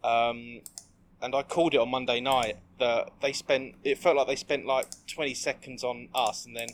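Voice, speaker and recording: A man in relaxed, rambling podcast chat with a mid-range voice. He wanders through his points with plenty of fillers. Faint noise runs under the recording. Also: mid-range voice, moderate pace. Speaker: podcast co-host. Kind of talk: casual chat.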